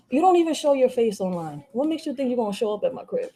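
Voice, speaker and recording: A woman's voice: a little high, big pitch swings, fast talker, dark tone. Blunt, profane woman from Philly. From Philadelphia. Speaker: live-stream panelist. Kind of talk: heated live-stream rant.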